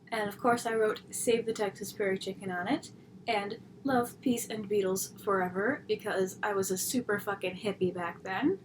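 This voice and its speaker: A woman's voice: mid-range voice, a little hiss or hum, low-quality recording. Chatty giggly woman in her twenties. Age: 20s. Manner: chatty, self-deprecating, giggly, drops to whispers. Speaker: vlogger. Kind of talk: casual solo vlog.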